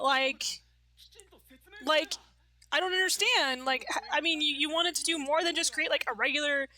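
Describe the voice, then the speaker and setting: A woman with a high, bright voice gives casual, chatty commentary while reacting to an anime episode. She talks loosely at normal speed with fairly even intonation, peppering her sentences with "like" and "you know".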